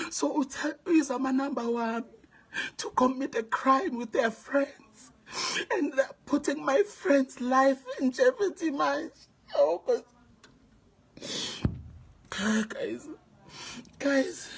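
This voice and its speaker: Upset south african woman talking to her viewers, teary and husky, kinda high voice, whispers then pleads. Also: measured pace, pauses often. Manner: distraught, tearful, switching between whispering and pleading. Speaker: vlogger. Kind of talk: emotional storytelling to viewers.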